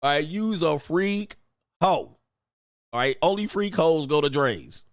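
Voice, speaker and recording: A man's voice: on the high side, expressive, unhurried, no echo, clean studio sound. A man hosting commentary on video clips, blunt and crude, repeating himself and mimicking reactions. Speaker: host.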